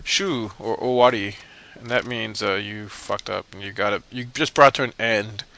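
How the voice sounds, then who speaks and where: A man's voice: fairly low pitch, fairly even intonation, normal speed, gravelly, pushed and bright. A young man hosting a let's play, giving casual, rambling gameplay commentary in a joking, self-mocking way.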